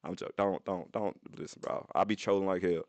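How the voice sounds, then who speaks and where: A young man talks to his live chat from his phone, his voice sitting on the low side. He tells the story loosely and animatedly, swearing freely and leaping into high-pitched voices. The sound is dry and close, with no room around it. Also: steady tone, fairly quick, dry recording. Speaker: streamer.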